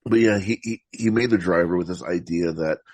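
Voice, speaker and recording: A man talking about films as a podcast guest, in a thoughtful, meandering way with frequent halting restarts. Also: low-pitched, darkish tone, no echo. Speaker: podcast guest, film critic. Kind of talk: casual film discussion.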